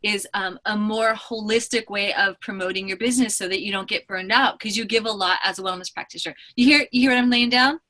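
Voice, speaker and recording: A woman business coach hosting a live training call, talking fast and emphatically with effusive enthusiasm. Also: medium pitch, pushed and bright.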